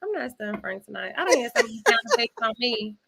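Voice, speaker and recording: A woman's voice: on the high side, very animated, quick pace, creaky, heavy background noise. A woman co-hosting a casual chat, joking in a playful, dramatic way. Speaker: podcast co-host.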